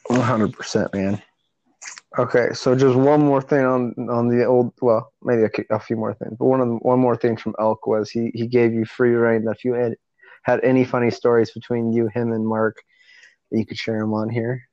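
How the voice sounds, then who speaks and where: A man's voice: medium pitch, normal speed, no echo. Man hosting a podcast in a dull, dry recording. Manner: relaxed, laughs along. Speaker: podcast host. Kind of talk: casual chat.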